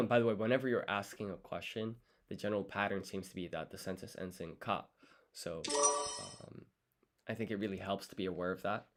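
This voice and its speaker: A man thinking aloud through a language study session, sounding out foreign words slowly syllable by syllable and muttering self-corrections. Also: lowish voice, a little hiss or hum. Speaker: language learner streaming his study.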